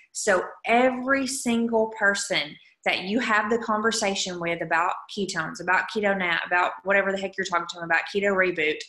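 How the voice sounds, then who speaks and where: A woman's voice: medium pitch, a bit bright, reverberant. A woman leading her sales team on a video call, chatty and upbeat, with frequent asides to her listeners. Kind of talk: casual coaching talk on a video call. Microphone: video call microphone.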